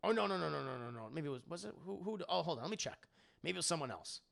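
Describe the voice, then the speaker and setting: A man chatting casually on a livestream, swearing freely and loudly imitating game lines. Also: fairly high pitch, very fast, creaky, dry recording, clean studio sound. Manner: profane, animated, quoting game lines in loud voices. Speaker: streamer answering viewer questions.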